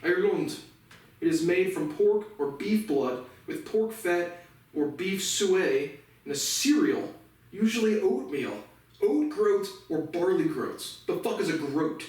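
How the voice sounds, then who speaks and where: Man, slightly high voice, profane sarcastic rant, heavy room echo, distant mic. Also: expressive, takes it slowly, a little mellow. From United States. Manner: profane, sarcastic ranting with laughs. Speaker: commentary show host. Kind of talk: casual news commentary. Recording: echoey room, mic far off.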